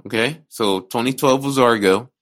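Podcast dude ranting and cursing, jokey, mid pitch. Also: male voice, moderate pace, a bit bright. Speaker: podcast co-host. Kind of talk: casual chat.

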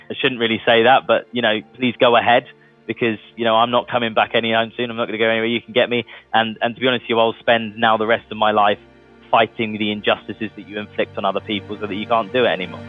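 A man's voice: lowish voice, little pitch movement, quick pace, faint music behind. A man telling his story casually in an interview, chatty and laughing as he goes. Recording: tinny phone-like sound.

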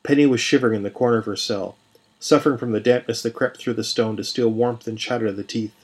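A man narrating a scripted fantasy story in a measured, even reading. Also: medium pitch, breathy edge. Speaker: podcast storyteller.

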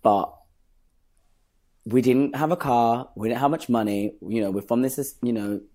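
A young man, a guest telling stories in a casual interview, animated and quick to act out what people said. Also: medium pitch. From northern England. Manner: animated, acts out quoted voices, laughs often. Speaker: guest, stage performer.

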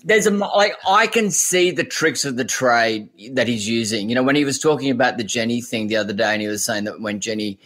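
A man's voice: medium pitch, a little fast, hardly any pauses, a bit bright. An Australian man on a comedy panel, rambling and joking with many restarts. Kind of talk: comic panel banter.

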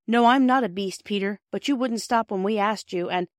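A woman's voice: mid-range voice, moderate pace, no room sound, clean studio sound, pitched above the performer's own voice, lightly acted. A woman reading aloud, voicing a firm, principled young girl. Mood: stern. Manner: firm and earnest.

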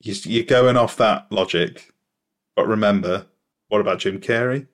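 A man's voice: on the low side, normal speed. A man in casual podcast chat, running a quiz with a dry, playful, teasing manner.

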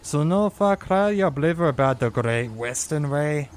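Man voicing a blunt matter-of-fact engine, loud and frank. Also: a little high, animated, unhurried.

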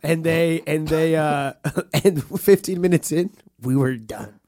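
A man's voice: on the high side, slow, darkish tone, no echo, studio quality. A man hosting a comedy podcast in crude, joking banter. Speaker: podcast host.

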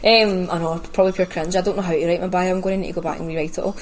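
A woman's voice: fairly low pitch, fairly even intonation, rapid-fire, a little hiss or hum. A young woman with a Glaswegian accent, chatting about her presenting work as a guest on a podcast, self-mocking and laughing often. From Scotland. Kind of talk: casual podcast chat.

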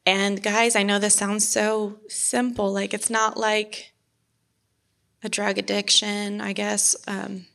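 Woman sharing her faith story, kinda gravelly and creaky, earnest, trips over her words a lot. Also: mid-range voice, level tone, fairly bright tone. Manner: earnest, halting, many restarts and fillers. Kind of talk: personal faith testimony.

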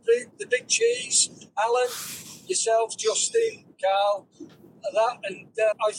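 A man calling in to a casual chat, talking slowly and haltingly with a gravelly voice and laughing easily. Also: very high-pitched, big pitch swings, a little hiss or hum, rough recording. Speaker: caller.

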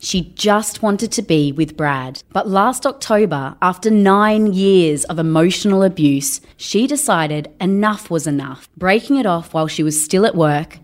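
A woman's voice: lowish voice, a little slow, few pauses. A woman reading scripted narration for a news story. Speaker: reporter narrator.

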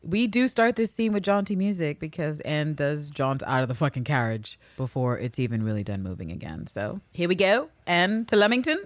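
A woman co-hosting a casual TV recap podcast, animated and profane, laughing often and acting out the characters' lines. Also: low voice, fairly quick, hardly any pauses, no room sound. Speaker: podcast co-host.

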